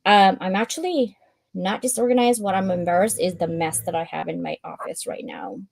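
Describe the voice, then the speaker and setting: A woman hosting a live stream, reading out a checklist and chatting in an animated way, laughing often and acting out her own thoughts. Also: lowish voice, fairly quick, creaky, dry recording.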